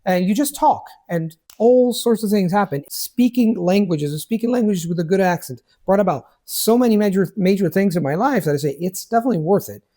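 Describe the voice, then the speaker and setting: A man, a language coach, talking in casual conversation, animated and restarting his words often while he acts out quoted speech. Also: sits high, a little fast, hardly any pauses. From Italy.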